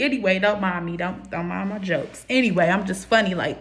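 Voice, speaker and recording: A woman's voice: mid-range voice, normal speed, fairly bright tone. Chatty emotional young woman. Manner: chatty and emotional, laughs at her own jokes. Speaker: YouTuber. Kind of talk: casual faith vlog with scripture reading.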